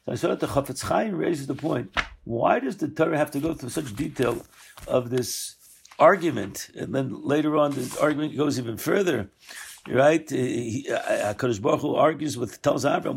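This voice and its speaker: Gravelly-voiced man teaching Torah. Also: medium pitch, animated, moderate pace. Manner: discursive, self-correcting, acts out quoted lines. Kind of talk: weekly Torah lesson.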